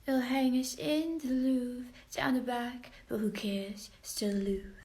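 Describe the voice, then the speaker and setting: A woman singing impressions of female pop singers, with a breathy voice and sliding notes. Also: fairly high pitch, fairly even intonation, takes it slowly, a little mellow. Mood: groggy. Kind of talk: sung impressions.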